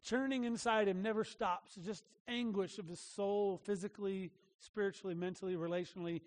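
A man's voice: high-pitched, fairly even intonation, fairly quick. A man preaching a sermon as a pastor, earnest and emphatic, often restarting his phrases. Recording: long reverb of a large hall.

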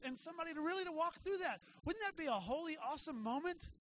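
A man preaching a sermon to his church, talking in a casual way and checking in with the congregation with quick asides. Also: very high-pitched, expressive, a bit bright, slight background noise. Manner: conversational preaching with frequent "right?" asides. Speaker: pastor. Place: church sanctuary.

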